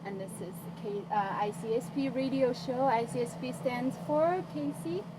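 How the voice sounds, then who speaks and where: A young woman hosts a campus radio show in a friendly, hesitant way, filling pauses with plenty of "um" and "uh." Her voice sits slightly high. Clear background noise runs behind her. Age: young adult. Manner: friendly, hesitant, many fillers. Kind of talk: casual radio interview. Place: college radio studio. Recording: noisy background.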